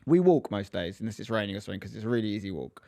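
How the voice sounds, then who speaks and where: A man's voice: fairly low pitch, rapid-fire, gravelly, no room sound, studio quality. A man co-hosting a casual podcast chat, telling a story and acting out the people in it. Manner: animated storyteller acting out quotes. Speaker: podcast co-host, dad.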